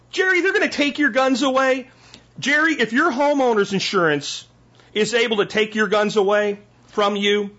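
A man's voice: extremely high pitch, bright, forceful tone. A man hosting a podcast, delivering a blunt, profane, emphatic rant. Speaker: podcast host. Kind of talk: ranting monologue. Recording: dull lo-fi sound.

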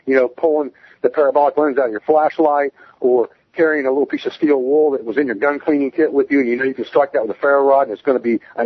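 A man's voice: medium pitch, slightly rough, no echo, narrow, tinny audio. A man speaking as a guest in a casual interview, plain-spoken and emphatic as he explains survival skills.

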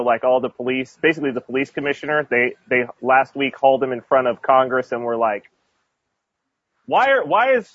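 A man's voice: medium pitch, fairly bright tone, no echo, dull audio. A man chatting casually on a podcast, rambling with many restarts and fillers. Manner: rambling, many restarts and fillers, laughs while telling stories. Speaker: expat guest telling stories.

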